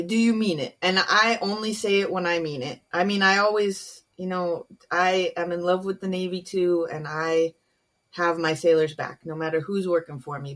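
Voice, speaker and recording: A woman, a naval officer and comedian, speaking frankly and earnestly as a podcast guest, with many um and you know asides. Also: lowish voice. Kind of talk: candid podcast conversation.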